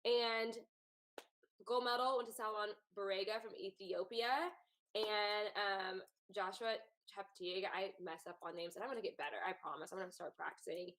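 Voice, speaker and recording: A woman's voice: mid-range voice, steady tone, moderate pace, fairly bright tone. A woman hosting a casual sports chat, talking in a loose, chatty way with many fillers. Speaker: host.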